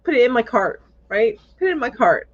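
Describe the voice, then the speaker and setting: A talkative woman hosts a casual crochet livestream and reads out viewer comments. Her voice sits a little high and swoops widely as she thinks aloud. The sound is dull and lo-fi. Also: very animated, fairly quick. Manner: chatty, thinks aloud, laughs easily. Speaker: host of a crochet live chat.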